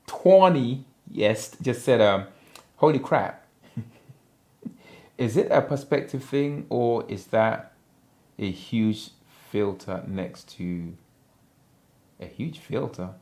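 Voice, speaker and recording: A man's voice: medium pitch, gravelly, darkish tone. A man from Africa chatting casually on a livestream, reading viewer comments in a playful, rambling way and laughing often.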